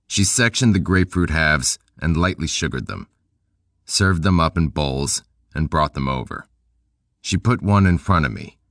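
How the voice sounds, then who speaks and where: A man narrating a first-person audiobook in a deadpan, dry, low-key manner. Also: no echo.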